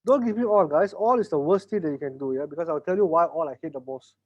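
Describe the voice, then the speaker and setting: A man with a Malaysian English accent runs an online business workshop, teasing his students and playing out little sales scenes. His voice sits high for a man. The audio is somewhat dull and lo-fi, like a video call. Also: quick pace. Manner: lively, teasing, acts out sales dialogues. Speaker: business trainer. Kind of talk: online workshop lecture with role-play.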